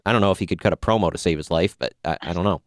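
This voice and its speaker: A man's voice: low-pitched, very fast, no room sound, clean studio sound. A man hosting a casual podcast, recapping wrestling matches with jokey, sarcastic asides. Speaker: podcast host reviewing wrestling. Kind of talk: casual review chat.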